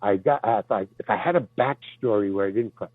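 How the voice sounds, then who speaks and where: An older guest actor with a lowish voice talks at a quick pace, drifting from one anecdote to the next with stammering restarts and casual profanity. The recording is echo-free and has a tinny, phone-like quality.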